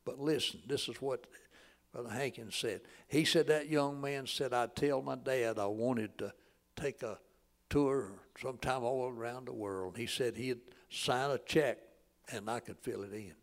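A man, preaching a sermon in a folksy storytelling way that swells loud and drops to a hush. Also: medium pitch, unhurried. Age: 80s.

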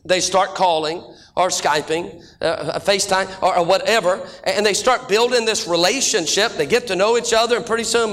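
A middle-aged male pastor preaching a sermon full of folksy jokes and stories, speeding up and then slowing down for emphasis. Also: high voice, fairly bright tone. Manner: folksy joking preacher, shifting between quick and slow drawn-out delivery.

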